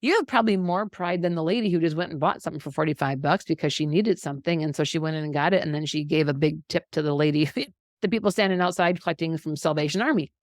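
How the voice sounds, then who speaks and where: Encouraging middle-aged woman, lowish voice. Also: fast talker, no echo, clean studio sound. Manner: animated, encouraging, laughs often. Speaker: health educator. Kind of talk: faith-based teaching talk.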